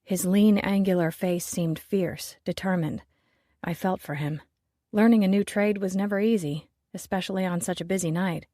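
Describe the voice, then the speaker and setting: Female audiobook reader, lowish voice, wry and measured; dry, close recording. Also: fairly even intonation, dark tone, dry recording. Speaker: audiobook narrator. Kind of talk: first-person audiobook narration.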